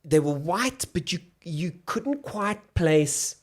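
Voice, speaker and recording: A South African man, an actor and comedian, talking as a podcast guest in a thoughtful, halting way, often restarting his sentences. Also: fairly high pitch, animated. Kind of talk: casual podcast conversation.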